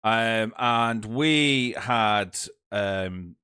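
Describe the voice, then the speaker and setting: A young man, telling a ghost story in casual podcast chat, swearing freely and laughing loudly. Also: on the low side, drawn-out words, clear, resonant tone, dry recording, clean studio sound. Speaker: podcast co-host.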